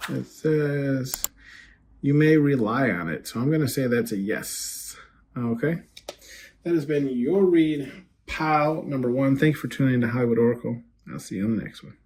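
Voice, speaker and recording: A man giving a casual tarot reading as host, chatty and quick to laugh, often checking in with "right?" and "okay?". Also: medium pitch, expressive, a little mellow, slight background noise. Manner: laughs easily, rambles with fillers. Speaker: tarot card reader.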